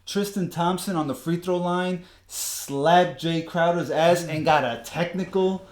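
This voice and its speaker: A man co-hosting a casual sports podcast while fighting the hiccups, with a voice a bit higher than most men's. He rambles, stops and restarts, and swears casually. The recording is roomy and echoey. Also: unhurried. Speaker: podcast co-host. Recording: echoey room.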